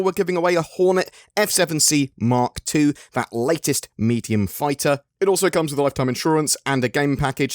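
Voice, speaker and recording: A man's voice: medium pitch, dry recording, clean studio sound. An English man hosting a gaming news channel, talking casually and often saying "sort of". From England. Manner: chatty, often says "sort of".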